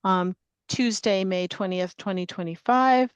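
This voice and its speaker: A sick, worn-out woman runs a remote public meeting on a video call. Her voice stays smooth and clear in a dry, close sound, but she hesitates, restarts and fills gaps with ums as she reads the formal opening. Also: mid-range voice, no echo. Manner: halting, with frequent fillers and restarts. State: sick and tired.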